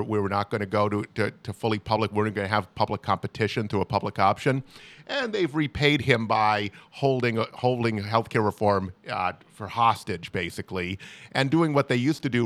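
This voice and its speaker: A man's voice: lowish voice, fairly bright tone, no room sound. A man co-hosting a political talk show, explaining the news earnestly with frequent restarts. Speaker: co-host.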